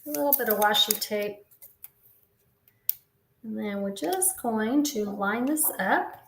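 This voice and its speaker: A woman's voice: fairly high pitch, expressive, takes it slowly, a bit bright, echoey room. A woman in her fifties casually demonstrating a papercraft project, explaining each step as she works. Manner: chatty, explains step by step while working. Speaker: papercraft instructor.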